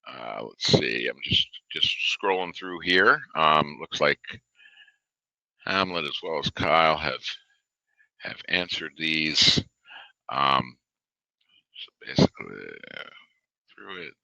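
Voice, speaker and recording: A low-pitched man presents a product webinar from a home or office desk while reading a live chat, speaking slowly with vocal fry, long pauses, and lots of "uh" and "you know." His bright, forward voice sounds dry and close with no room echo, and his manner stays loose and conversational.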